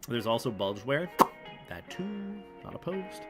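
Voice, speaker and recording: A man's voice: medium pitch, big pitch swings, a little slow. A young man chatting casually on a livestream, rambling and self-deprecating, with some swearing. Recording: music playing behind the voice.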